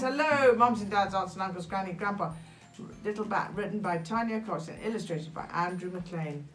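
A woman reading a children's picture book aloud in an expressive, animated way, adding gasps between lines. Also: mid-range voice, normal speed, faint music behind, low-quality recording. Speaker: storyteller.

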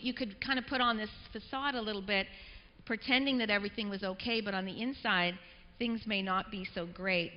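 A woman raised in Canada speaks to a congregation in an easy, chatty way, poking fun at herself. Her voice carries long reverb from a big church hall, and the recording sounds muffled. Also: medium pitch. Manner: chatty, self-deprecating, conversational. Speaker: guest speaker. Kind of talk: personal testimony sermon. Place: church sanctuary. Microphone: clip-on mic.

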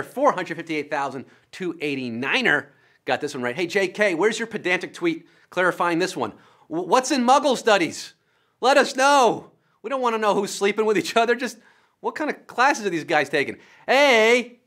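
Bright, playful trivia show host man. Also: sits high. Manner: energetic, jokey and playful. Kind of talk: live trivia show hosting. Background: music.

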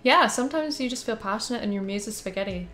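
A woman's voice: fairly high pitch, expressive, fast talker, bright, forceful tone, faint music behind. A young woman streaming a survival game with a friend, chatting casually, giggly and rambling. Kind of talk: casual gameplay chat.

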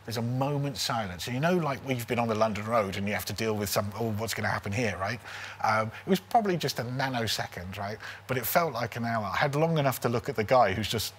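A man's voice: mid-range voice, fast. Forties male comedian, chatty anecdote teller, keeps asking "right?", slight background hiss. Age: 40s. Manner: animated, keeps tagging lines with "right?". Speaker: comedian guest. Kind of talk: casual comic storytelling.

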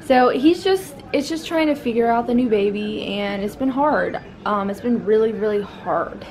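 A woman's voice: on the high side, animated, normal speed, darkish tone. A young woman, a new mother, chatting casually to her vlog camera, rambling with many fillers.

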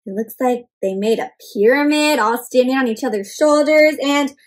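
A woman reading a picture book aloud to children, animated and often asking her young listeners questions. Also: sits high, normal speed, music in the background. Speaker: children's storyteller. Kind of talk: interactive read-aloud for kids.

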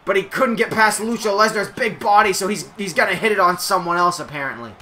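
A man giving playful, jokey play-by-play commentary on a wrestling video game, shouting at the big moments. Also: sits high, quick pace, a little hiss or hum.

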